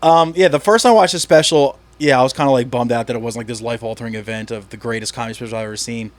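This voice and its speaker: A man from the Philadelphia area with a Philly accent, chatting casually as a podcast host, animated and swearing freely. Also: mid-range voice, racing. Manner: animated, swearing, acts out quoted bits. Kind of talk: casual chat.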